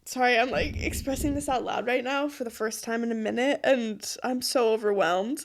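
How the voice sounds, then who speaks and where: A woman's voice: a little high, normal speed, hardly any pauses. A woman in her late twenties hosting a podcast, talking in a personal monologue, emotional and earnest, pleading and laughing through tears. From Utah. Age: 20s. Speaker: podcast host.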